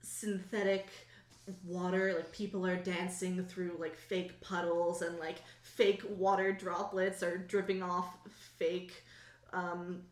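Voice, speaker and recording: A woman's voice: lowish voice, level tone, takes it slowly. A woman narrating a tabletop role-playing game as game master, casual and laughing, full of "like" and "um". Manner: casual, laughs often, lots of fillers. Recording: echoey garage.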